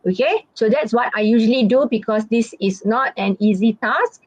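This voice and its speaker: A woman's voice: fairly high pitch, normal speed, no room sound, low-quality recording. A woman teacher coaching students for a speaking exam, chatty and repeating her points with many fillers. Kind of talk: online exam-prep lesson.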